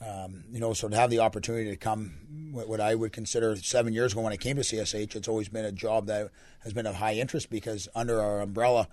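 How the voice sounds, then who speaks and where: A young Canadian man, a hockey coach with a deep, raspy voice, answering radio interview questions in a relaxed, rambling way. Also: quick pace, no echo. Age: young adult. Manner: relaxed, rambling answers with many fillers and restarts.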